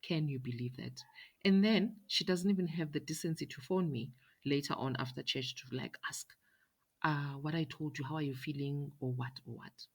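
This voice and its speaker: Husky woman telling a story. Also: low voice, moderate pace. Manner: emphatic, retells dialogue in quoted voices. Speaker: podcast host. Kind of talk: personal storytelling monologue.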